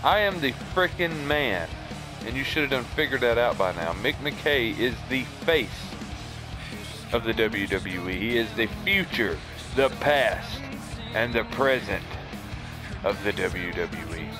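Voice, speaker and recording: A man voicing a brash male wrestler who taunts a rival in a loud, boastful way. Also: mid-range voice, lively intonation, measured pace, music in the background, lightly acted. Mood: boastful taunting. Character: brash male wrestler hurling trash talk.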